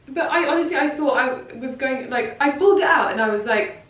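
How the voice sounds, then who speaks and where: Chatty English woman, higher voice, emotional haul vlogger; distant mic, echoey room. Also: lively intonation, normal speed, long pauses, fairly bright tone. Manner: gushing, chatty and emotional, with frequent laughs. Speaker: fashion vlogger. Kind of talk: casual try-on haul chat. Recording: roomy, off-mic sound with faint background noise.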